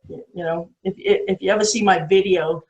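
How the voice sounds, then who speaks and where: Interview guest, woman in her sixties, New England accent, mid-pitched, chatty and meandering, muffled recording. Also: steady tone, a little mellow. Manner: rambling, halting with many fillers and restarts. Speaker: interview guest, marathon swimmer. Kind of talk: casual storytelling.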